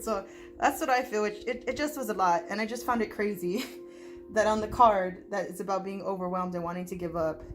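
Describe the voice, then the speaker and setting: A woman giving a tarot reading to her viewers, overwhelmed and close to tears, talking fast and emotionally. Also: medium pitch, faint music behind. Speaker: tarot reader.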